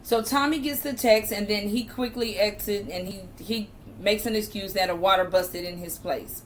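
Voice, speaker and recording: A woman's voice: medium pitch, fairly even intonation, normal speed, slight background noise. Southern woman reviewer, casual recap, emphatic, mid-range voice, lots of fillers. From American South. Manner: chatty and emphatic, with frequent fillers and slang. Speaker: TV show reviewer.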